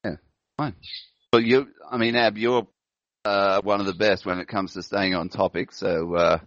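A man's voice: fairly low pitch, steady tone, normal speed, a bit bright, no echo, highs cut off. A man hosting a casual online chat show, talking in a rambling way and laughing often. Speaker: host.

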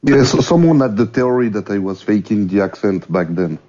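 A man from French-speaking Switzerland with a Swiss French accent, speaking in halting English as a returning guest and repeating words as he searches for them. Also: fairly low pitch, expressive, dark tone. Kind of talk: casual chat. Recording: muffled lo-fi audio.

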